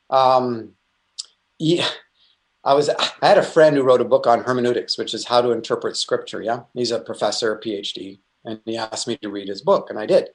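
Earnest rambling middle-aged man. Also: medium pitch. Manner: earnest, rambling with frequent restarts and asides. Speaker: Christian speaker. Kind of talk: conversational spiritual teaching.

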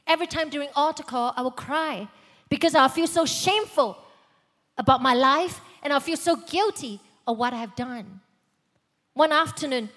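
A woman giving a sermon testimony in a church, swinging from loud urgent passages to hushed whispers. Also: high-pitched. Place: large church hall. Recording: long hall reverb.

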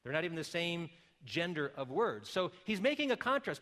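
A middle-aged man preaching a sermon, explaining calmly and then rising to loud, emphatic calls. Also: high-pitched, moderate pace. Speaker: pastor.

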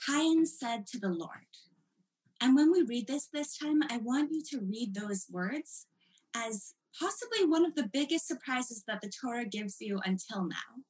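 A woman teaching a text study lesson in an animated, explanatory way, stressing key points. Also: on the high side, normal speed, rough recording.

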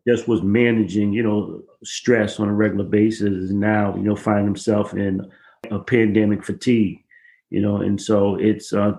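Male activist guest, low voice, flat delivery, measured. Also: gravelly, low-quality recording. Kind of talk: interview answers.

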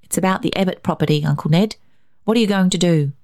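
A woman voicing a hurried young man, a doctor, brisk and impatient. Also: lowish voice, darkish tone, lightly acted.

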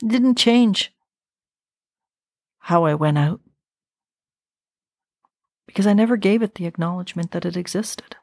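A woman in her fifties speaks slowly and deliberately, her lower voice carrying a gravelly, husky edge. She hosts a podcast and shares a personal story reflectively and intimately. She sits close to the mic in a dry, quiet room. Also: animated, no echo. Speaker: podcast host.

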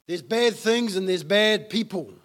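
A man's voice: high voice, animated, measured pace, a bit bright. A man preaching a sermon as pastor, emphatic and fond of repeating key lines for effect.

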